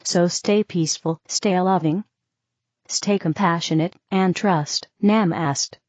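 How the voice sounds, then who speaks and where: A woman's voice: on the low side, takes it slowly, no room sound. A woman reading a serene channeled spirit teacher. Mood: soothing. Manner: calm, repetitive reassurance with "you see". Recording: dull, dry lo-fi audio.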